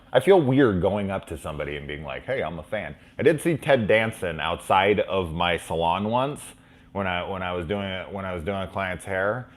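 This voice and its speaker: Deep-voiced male host, loose live fan chat, swears freely, rambling anecdotes. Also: fairly bright tone. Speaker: host of a horror movie review show. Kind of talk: casual live chat answering fan questions.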